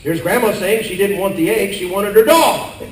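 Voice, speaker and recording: An older man performing a corny comedy slide show for a live audience, narrating and yelling out quoted lines. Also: high-pitched, normal speed, a little hiss or hum. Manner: corny storytelling with exaggerated yelled quotes. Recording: echoey live hall from far off with audience.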